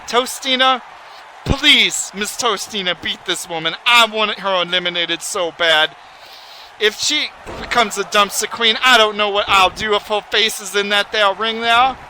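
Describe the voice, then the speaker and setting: A man giving excitable, folksy, rambling play-by-play commentary on a wrestling video game. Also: high-pitched, a little slow, slight background noise, poor audio.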